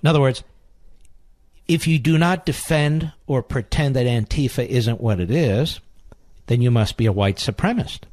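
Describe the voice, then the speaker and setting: A man's voice: mid-range voice, moderate pace, darkish tone, no room sound, clean studio sound. A man hosting a talk radio show, delivering an indignant political monologue with heavy repetition.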